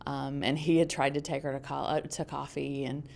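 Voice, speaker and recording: Low, gravelly-voiced middle-aged woman. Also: flat delivery, a little mellow. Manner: halting, reflective, many ums and restarts. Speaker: mother sharing a testimonial. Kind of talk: personal testimonial.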